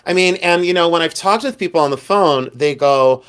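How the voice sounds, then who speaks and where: A man's voice: a little high, very animated, moderate pace, fairly bright tone. Joking man chatting on a live stream. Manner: chatty, joking, reads chat comments aloud. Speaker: live stream host reselling buttons. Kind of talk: casual live stream chat.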